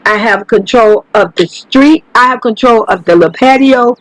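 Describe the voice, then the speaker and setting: On her own channel, a female gaming host gives laid-back commentary on a life-simulation game, cursing often and repeatedly addressing her audience. Her voice sits fairly high and moves at a normal speed, with no echo, though the recording quality is poor.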